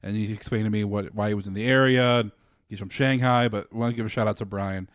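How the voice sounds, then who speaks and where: A man's voice: lowish voice, fairly even intonation, fast, no echo, studio quality. A man co-hosting a podcast in an easygoing, chatty way, often repeating himself as he tells a story. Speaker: podcast co-host. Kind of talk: casual chat.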